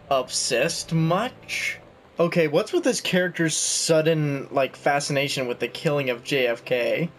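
A man's voice: on the high side, a little hiss or hum. A young man chatting casually and self-mockingly while playing a game. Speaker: gaming YouTuber. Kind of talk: casual let's-play commentary.

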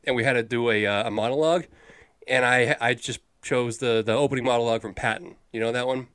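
A man's voice: medium pitch, steady tone, quick pace, a bit bright, clean tone, dry recording, clean studio sound. A man co-hosting a movie review podcast, chatting casually in a rambling, jokey way with the odd swear. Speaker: podcast co-host.

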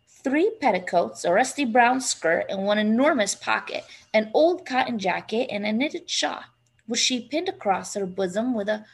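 A woman reading a children's novel aloud in a steady, measured way. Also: on the high side, husky. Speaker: reader.

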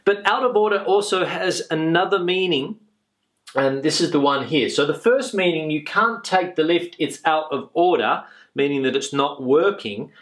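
A man's voice: a little high, moderate pace, fairly bright tone. Patient man teaching an English lesson. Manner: patient, repeats each phrase with uh fillers.

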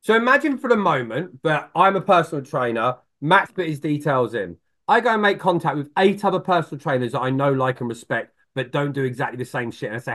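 A middle-aged man talks with real bounce, his fairly high voice swinging up and down as he acts out phone calls. His delivery is blunt and expressive, with casual swearing. He sounds like an energetic podcast guest. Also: a little fast, few pauses. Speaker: sales expert guest. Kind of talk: animated podcast talk.

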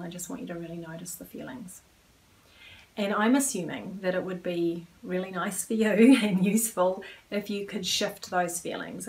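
A woman trainer calmly leading listeners through a guided movement exercise, at times dropping to a near whisper. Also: fairly low pitch, distant mic, low-quality recording. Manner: calm, coaching, drops to a near whisper at times. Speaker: wellbeing trainer.

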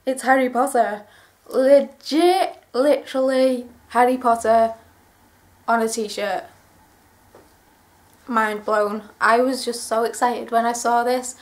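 A woman's voice: fairly high pitch, slow pace. A young woman chatting through a clothing haul vlog, gushing and rambling with enthusiasm. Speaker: vlogger.

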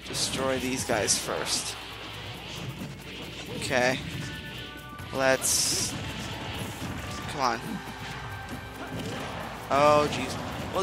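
Rambling young man gaming commentary. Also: mid-range voice. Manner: rambling, many ums and uhs. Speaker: gaming channel host. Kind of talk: casual let's play commentary. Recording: game music playing behind.

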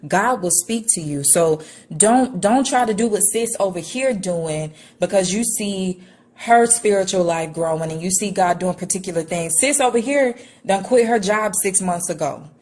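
Husky-voiced animated woman guest. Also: mid-range voice, normal speed. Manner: animated, candid, playful. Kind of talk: faith podcast chat.

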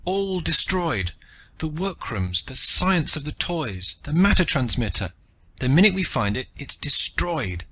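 A man's voice: medium pitch, moderate pace, pushed and bright, breathy edge. A man voicing a driven, hot-tempered father who barks urgent, clipped commands in an audiobook. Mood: raging.

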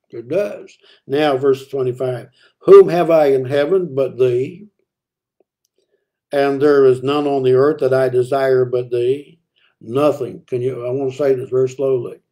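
A man with a mellow, warm voice at a middle pitch leads a midweek Bible study. He reads verses in old-fashioned wording, then talks them through in a plain, conversational way with many fillers and restarts. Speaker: preacher teaching a Bible study.

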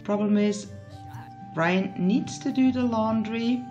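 Slow-talking woman narrating her game. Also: fairly high pitch, darkish tone, dull audio. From Switzerland. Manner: chatty, talks to her game characters, emotional outbursts. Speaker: gaming YouTuber. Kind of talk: casual let's play commentary. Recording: faint background music.

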